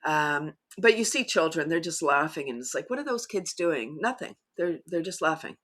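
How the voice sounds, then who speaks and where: Lively, laughing woman guest. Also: moderate pace. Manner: enthusiastic, laughs often while talking; animated storyteller, bursts higher and louder when excited. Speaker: guest, laughter yoga teacher. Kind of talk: casual interview conversation.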